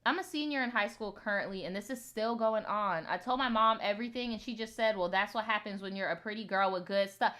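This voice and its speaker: Woman, storytime host, bright tense voice, casual chat, blunt, profane, reads viewer stories aloud. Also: mid-range voice, brisk, few pauses.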